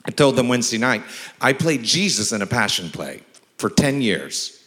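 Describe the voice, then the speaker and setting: A man's voice: mid-range voice, sing-song, normal speed, sharp tone. A man preaching a sermon as pastor, mixing humorous stories with emphatic scripture reading. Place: large church sanctuary. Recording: long reverb of a large church hall.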